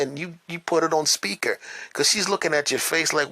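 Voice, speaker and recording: Gravelly, bright-voiced man hosting a podcast. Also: on the high side, brisk, no echo. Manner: animated, emphatic storyteller who repeats words for effect. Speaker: podcast host. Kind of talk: casual monologue. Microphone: phone.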